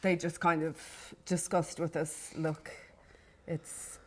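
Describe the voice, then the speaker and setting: A woman in a documentary interview, calmly recounting what the doctor told her. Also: low voice, slow.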